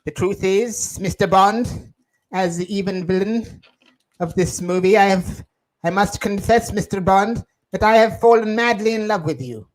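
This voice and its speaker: A man playing a theatrical movie villain in a comedy bit, speaking in melodramatic, drawn-out lines. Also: sits high, rough recording. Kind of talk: comedy impression.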